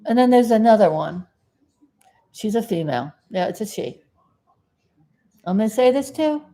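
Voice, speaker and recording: Speaking at a moderate pace with an expressive, medium-pitched voice, a South Florida woman talks casually to camera as a vlogger. She's folksy and rambling, addresses her dog, and follows sudden loud outbursts with sheepish apologies.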